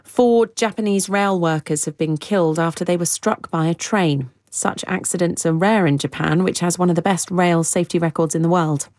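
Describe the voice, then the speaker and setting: Dry, measured woman newsreader. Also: on the low side, fairly even intonation, a little mellow, dry recording. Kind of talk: scripted news bulletin.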